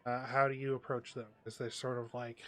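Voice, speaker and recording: A man's voice: mid-range voice, flat delivery, brisk, fairly bright tone. A man running a tabletop role-playing game as game master, talking loosely with lots of fillers. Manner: rambling with many fillers.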